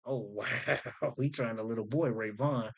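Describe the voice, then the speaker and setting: A man's voice: mid-range voice, unhurried, gravelly. Guy doing a chill rap bar breakdown, repeats lines and explains em, talks casual. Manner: explains wordplay conversationally, repeats lines to unpack them. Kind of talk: casual commentary.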